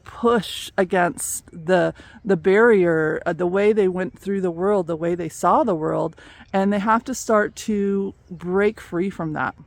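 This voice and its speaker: A woman giving a casual spiritual talk, telling a fable in a chatty, storytelling way with frequent laughs. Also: fairly low pitch. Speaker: spiritual coach.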